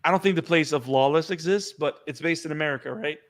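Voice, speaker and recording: Chatty man with a higher voice. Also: fast. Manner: animated, repeats words when excited. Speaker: podcast co-host. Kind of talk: casual chat.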